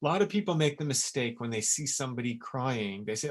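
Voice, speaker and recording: A man's voice: mid-range voice, lively intonation, brisk, hardly any pauses. A middle-aged man giving a spoken webinar talk on emotional healing, earnest and emphatic, and he repeats words for stress. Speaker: essence maker giving a webinar.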